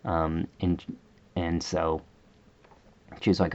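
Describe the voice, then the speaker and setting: A man's voice: low-pitched, steady tone, unhurried, creaky, darkish tone, muffled recording. A man vlogger telling a rambling, exasperated story in a casual rant, full of fillers.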